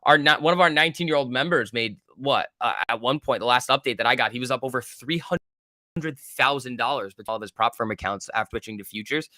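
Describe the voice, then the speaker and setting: A man hosts a live stock trading stream, reading the market and thinking aloud in loose, casual commentary with the odd swear word. His mid-range voice moves a little fast with a sharp edge. The recording is studio quality with no room sound.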